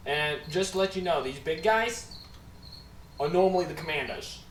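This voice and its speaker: A man narrating as game master for a tabletop game, talking in an animated way. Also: moderate pace. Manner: animated, swings from low to loud. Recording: echoey room, distant mic, background noise.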